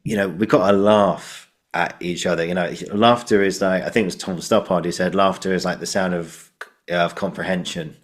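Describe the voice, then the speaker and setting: A man's voice: deep voice, fairly even intonation, moderate pace. A man hosting a casual podcast conversation, rambling and padding his thoughts with fillers, laughing as he retells jokes. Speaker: podcast host.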